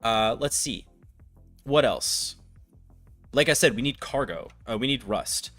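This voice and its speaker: A man hosting a live-streamed tech tutorial, reading verse with big swells and soft drops, then chatting casually while he works. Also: medium pitch, expressive, unhurried, no room sound, soft background music. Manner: reads verse expressively, swelling loud then sinking soft; casual, thinks aloud with fillers while working. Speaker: livestream host teaching tech setup.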